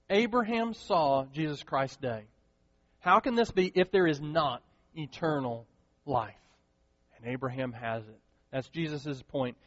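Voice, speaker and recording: A preacher with a high, ringing voice who delivers his sermon with animation, slipping into the voices of the people he quotes. His voice carries a long hall reverb, and the recording sounds a little dull. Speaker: pastor.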